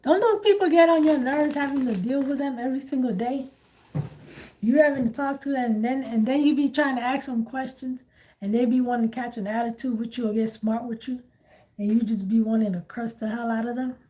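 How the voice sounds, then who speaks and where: A woman hosting a casual chat, animated and blunt, laughing often. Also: a little high, a little fast, a little hiss or hum. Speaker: host.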